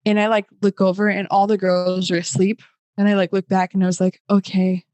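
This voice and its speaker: A young woman recounts her own story as a podcast guest, slipping into voices for the people she quotes. Her speech is chatty and full of fillers, at a middle pitch for a woman. The sound is close and dry, with no room echo. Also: fairly quick, smooth. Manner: animated, acts out quoted voices; many fillers like "like". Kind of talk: personal storytelling.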